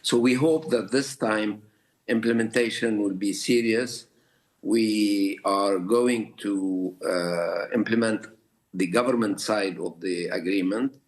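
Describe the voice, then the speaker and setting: A man being interviewed live on the news as a government minister, speaking haltingly with many hesitations. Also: on the low side. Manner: halting, many uhs, deliberate.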